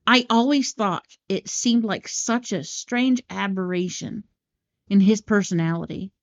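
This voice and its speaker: A woman co-hosting a casual movie podcast, swearing freely and going off on animated tangents. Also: medium pitch, a little slow, highs cut off. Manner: profane, tangent-prone, animated. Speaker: podcast co-host.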